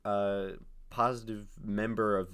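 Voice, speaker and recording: Casting note: a man, low-voiced podcast co-host, talking casually and working his way through his point with a lot of fillers. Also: level tone, unhurried, a bit bright, clear, resonant tone. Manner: hesitant, lots of fillers. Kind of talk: casual chat.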